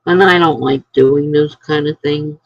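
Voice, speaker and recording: Gravelly, husky woman chatting. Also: low-pitched, unhurried, muffled recording. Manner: rambling, animated storytelling. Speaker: live-stream host. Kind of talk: casual chat with viewers.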